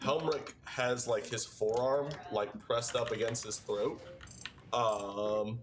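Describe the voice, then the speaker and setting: A man playing in a tabletop game, talking in a halting, emphatic way. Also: medium pitch, steady tone, crowd noise. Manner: halting, lots of fillers and restarts, emphatic. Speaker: player. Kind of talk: casual tabletop game play.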